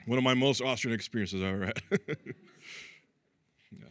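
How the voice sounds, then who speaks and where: A man's voice: medium pitch, normal speed, a bit bright. A man from Brazil doing a chatty, self-deprecating stand-up comedy set, acting out the people in his stories. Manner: chatty, self-deprecating, acts out quoted voices.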